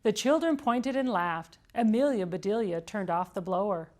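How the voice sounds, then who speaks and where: A woman reading a children's book aloud for storytime, lively and expressive. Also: mid-range voice, normal speed. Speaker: storytime reader.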